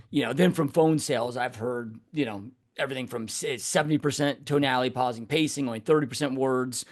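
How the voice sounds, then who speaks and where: A casual male podcast host asking his guest questions over an online call. He talks at an ordinary pitch and keeps slipping "dude" and "you know" into his sentences. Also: quick pace, hardly any pauses. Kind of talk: podcast conversation. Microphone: online call mic.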